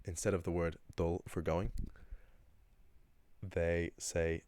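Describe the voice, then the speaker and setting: A man with a very deep, low voice explains language points in a loose, chatty way, often pausing with ums and restarting sentences. The sound is close and dry, with no room around it. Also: level tone, a little mellow, clear, resonant tone, no room sound. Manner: chatty, rambling, frequent ums and self-corrections. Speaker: Irish language teacher. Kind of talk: casual explanatory lesson.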